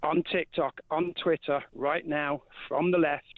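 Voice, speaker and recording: A man's voice: fairly high pitch, fairly even intonation, unhurried, no room sound. A male caller on a phone-in radio show, talking in a heated way and repeating words when worked up. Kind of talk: phone-in call. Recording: tinny phone line.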